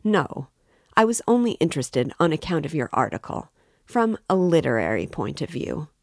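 A woman's voice: sits low, sing-song, moderate pace, vocal fry, no echo, studio quality, full character voice. A woman reading an audiobook voices a proud, wary young male student who answers curtly and with contempt. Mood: haughty guarded. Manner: haughty, curt and wary.

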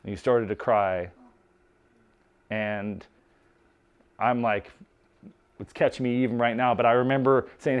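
A man preaching in a relaxed, conversational way, telling stories with many restarts and casual asides. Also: medium pitch, unhurried, pauses often, smooth, dull audio. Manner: informal, lots of restarts and "like". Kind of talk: conversational sermon storytelling.

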